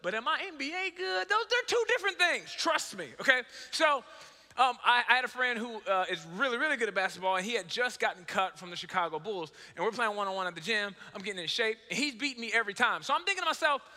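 A high, strikingly bright male voice preaches with lively storytelling and self-mocking humor. He acts out conversations and swings between hushed moments and excited bursts. A long reverb from a large hall trails every phrase. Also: fast talker. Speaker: pastor. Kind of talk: sermon.

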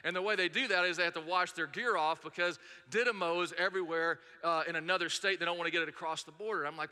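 A man's voice: a little high, fast, few pauses, sharp tone, clean tone. A middle-aged man preaching a sermon as pastor, earnest and storytelling, driving points home with emphatic repetition. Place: church sanctuary. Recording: long reverb of a large hall.

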